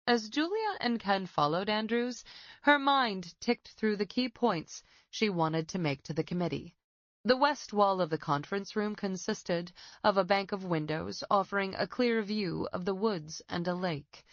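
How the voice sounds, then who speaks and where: A woman narrating a suspense audiobook in a steady, even reading. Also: medium pitch, moderate pace, no echo, highs cut off. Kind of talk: scripted narration.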